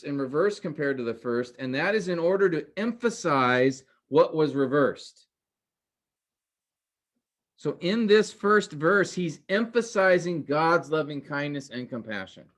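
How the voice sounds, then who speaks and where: A man's voice: on the high side, animated, measured pace. A man teaching a Bible class in a recorded lecture, explaining step by step and asking rhetorical questions. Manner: explanatory, addresses class as guys and men; repeats points with rhetorical questions.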